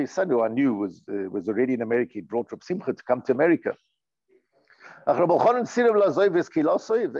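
A man teaches a religious lesson. He is earnest and emphatic and often circles back on his own words. His voice sits a little high with a gravelly edge, and it is captured on a dull, dry, lo-fi recording. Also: a little mellow, no room sound. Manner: earnest, emphatic, repeats and restarts phrases. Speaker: rabbi teaching a class. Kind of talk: storytelling lesson, reading and translating Hebrew text.

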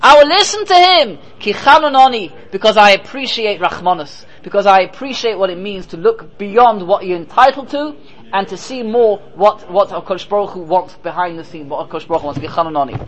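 Poor audio carries a man's high-pitched, slightly bright voice, moving a little fast, as he teaches Torah as a rabbi. He answers his own rhetorical questions with emphasis and slips in Hebrew and Yiddish terms.

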